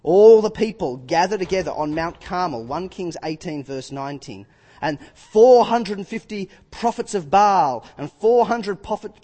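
A man preaching a sermon, retelling scripture with lively acted-out quotes. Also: high voice, long reverb tail.

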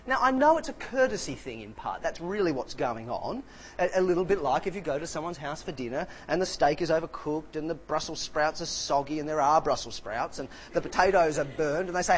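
A man's voice: fairly high pitch, expressive, a little fast, a little hiss or hum. A middle-aged Australian man, an evangelist, giving a talk full of anecdotes and acting out the voices of people he quotes. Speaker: evangelist preacher.

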